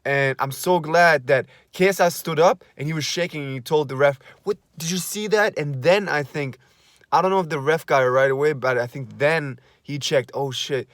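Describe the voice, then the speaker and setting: A young man talking straight to the camera in a casual vlog, his voice sitting a touch high. He gushes and gets carried away, repeating phrases and swearing freely. The sound is dry and close, with no room around it. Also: normal speed, dry recording. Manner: excitable, gushing, repeats himself, swears. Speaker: vlogger. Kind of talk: excited casual recap.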